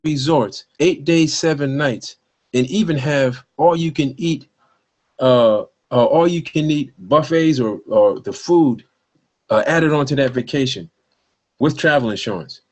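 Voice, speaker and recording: A man's voice: fairly high pitch, a little slow. Emphatic man giving sales training. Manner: emphatic, repeats points, asks "all right?". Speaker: network marketing trainer. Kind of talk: sales training talk on a call.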